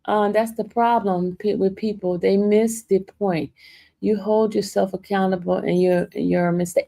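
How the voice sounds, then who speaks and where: In a casual livestream, a woman hosts and addresses viewers as y'all, sounding defensive and laughing often. She speaks at normal speed in an animated, medium-pitched voice.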